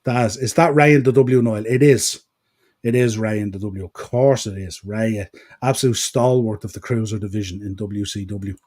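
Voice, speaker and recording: A man's voice: on the low side, moderate pace, darkish tone. A man with an east-coast Irish accent, hosting a wrestling podcast and chatting casually while reading out viewer comments. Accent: Irish, east coast Dublin-Wicklow. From Ireland. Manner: chatty, rambling, with fillers. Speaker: podcast host.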